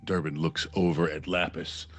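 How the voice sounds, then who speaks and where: A man's voice: rumbling low, flat delivery, moderate pace, husky, faint music behind. A man narrating a tabletop game as game master with dramatic, descriptive narration.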